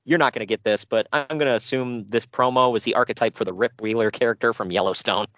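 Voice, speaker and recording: A man co-hosting a casual podcast about wrestling shows, sarcastic and animated, laughing often. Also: medium pitch, fast, dry recording.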